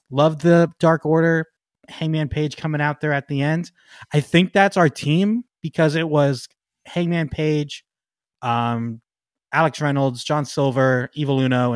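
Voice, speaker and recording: A man co-hosting a podcast in casual chat, excitable, laughing often and trailing off with ums. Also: mid-range voice, no echo, studio quality. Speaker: podcast co-host.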